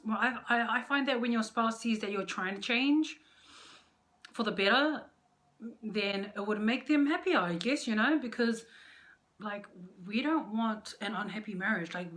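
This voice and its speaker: A woman's voice: fairly high pitch, fairly bright tone. A young woman chats to camera about her marriage in a loose, unscripted way. She is frank and playful, and often pokes fun at her own flaws. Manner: candid, playful and self-mocking. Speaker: vlogger. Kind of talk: casual advice chat to camera.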